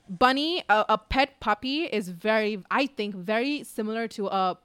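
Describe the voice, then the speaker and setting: A woman's voice: medium pitch, lively intonation, normal speed, fairly bright tone, clean tone, no room sound. A woman in her twenties chatting candidly on a podcast, full of likes and asides. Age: 20s. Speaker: podcast co-host. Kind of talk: casual chat.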